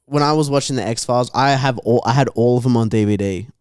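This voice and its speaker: A man's voice: medium pitch, fast talker, darkish tone, smooth, dry recording, studio quality. A young Australian man co-hosting a podcast, chatting casually with crude, swearing, laughing banter. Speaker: podcast co-host. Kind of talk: casual chat.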